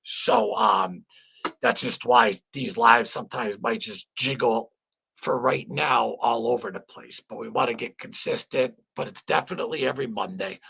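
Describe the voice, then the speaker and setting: A man's voice: medium pitch, moderate pace, creaky, sharp tone, slightly rough. A man hosting a casual livestream chat, rambling and emotional, swearing freely and greeting viewers by name. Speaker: livestream host.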